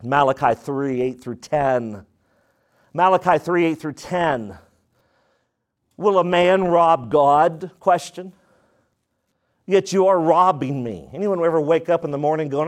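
A male pastor delivers a sermon with a somewhat high voice. He drops low and intoned for his key points, then leaps up high and excited, and he keeps calling on the congregation to answer him. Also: measured pace, pauses often.

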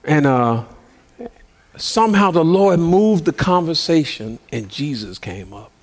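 A middle-aged man preaches in a slightly high, sing-song voice at a measured pace. Telling a story in his sermon, he acts out the voices of its characters and laughs as he goes.

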